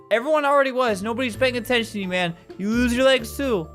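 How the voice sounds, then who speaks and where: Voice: medium pitch, quick pace, fairly bright tone, faint music behind. A video creator giving casual, sarcastic commentary over gameplay. They sound exasperated and laugh often.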